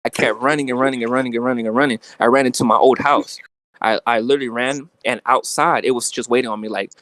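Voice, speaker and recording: A young man in the middle of a tale, slangy and animated, piling up fillers as he goes. His pitch sits in the usual middle, and the room is dry and close. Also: fast talker, no echo. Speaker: guest telling a dream. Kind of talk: casual storytelling chat.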